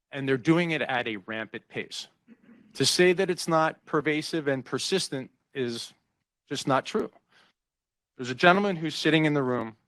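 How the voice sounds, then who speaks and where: A man's voice: medium pitch, no room sound, low-quality recording. Middle-aged man, executive introducing a panel; chatty, acts out quotes, dry sound. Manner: animated storyteller, acts out quoted voices. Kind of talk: conversational speech with anecdotes. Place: conference room.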